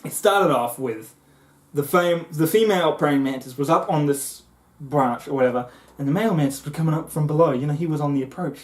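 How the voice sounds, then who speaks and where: A man vlogging a comic monologue to the camera, excitable and often jumping into high voices as he acts things out. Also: brisk. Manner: excitable, jumps into high squeaky voices when acting things out.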